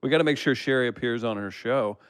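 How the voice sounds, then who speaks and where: A man's voice: mid-range voice, fast, smooth, dry recording. A man reading out listener comments on a casual comedy podcast, laughing easily and teasing the hosts.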